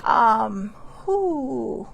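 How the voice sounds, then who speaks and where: A woman's voice: on the high side, very animated, drawn-out words, vocal fry. A middle-aged woman hosting a casual live talk show, chatting loosely and reading passages aloud. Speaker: host.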